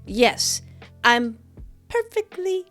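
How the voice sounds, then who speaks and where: A woman's voice: a little high, sing-song, drawn-out words, fairly bright tone, voice pushed up, exaggerated voice. A defiant drunk young woman slurs her way through every line, tripping over syllables, as a woman puts her on. She sounds loose and stubborn, with faint music somewhere behind her. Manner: slurred, stumbling drunk speech.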